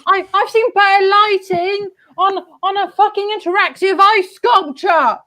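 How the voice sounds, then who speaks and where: Woman doing a furious shouting chef, very high voice, slangy insults, comedy roast. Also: fairly even intonation, unhurried, heavily acted. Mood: ranting. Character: impression of a foul-mouthed male celebrity chef, ranting.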